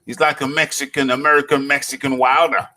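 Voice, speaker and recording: A man's voice: medium pitch, fairly quick. Joking man hosting a boxing show. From United Kingdom. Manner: animated, joking, laughs often, reads viewer comments. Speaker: boxing talk show host. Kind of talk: live call-in chat.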